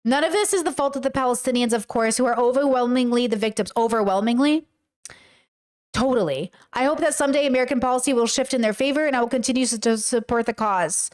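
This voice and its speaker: A woman's voice: a little high, fast, hardly any pauses. A woman livestreaming, reading a text aloud and reacting with emotional, exclaiming commentary. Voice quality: tearful at times. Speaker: streamer reacting to a video.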